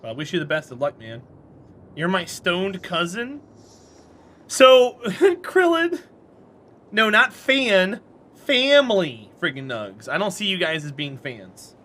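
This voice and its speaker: A talkative man streams a game while chatting with his viewers. His voice sits high and swoops animatedly, with a bright, forceful edge. He is friendly and answers his chat by name between laughs. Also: sing-song, unhurried.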